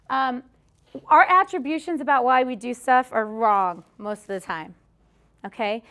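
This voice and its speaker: A woman speaks to an audience in a live session, her voice sitting a little high. She talks in a direct, chatty way and keeps checking in with "okay?" as she goes. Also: fairly bright tone. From Australia. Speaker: speaker at a workshop.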